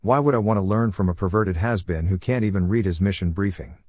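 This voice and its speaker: A man voicing a sharp-tongued teenage ninja girl who talks in a snappish, sarcastic way. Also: sits low, fast, dry recording. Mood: irritated.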